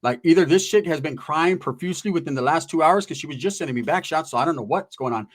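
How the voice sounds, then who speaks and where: A man's voice: fairly high pitch, fast. A man from Northern California telling a wild personal story in casual street slang, swearing freely and acting out the voices of the people in it. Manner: animated, profane street slang, acts out voices.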